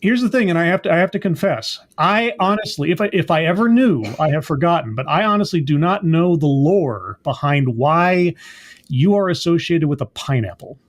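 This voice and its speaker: A man's voice: a little high, lively intonation, normal speed. A man hosting a casual online show, upbeat and playful as he greets viewers and his guest. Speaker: host. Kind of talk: casual chat.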